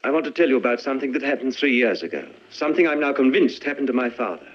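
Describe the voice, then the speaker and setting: An actor playing an earnest, grave male scholar who speaks in a measured, insistent way. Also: medium pitch, expressive, lightly acted. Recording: dull old film soundtrack.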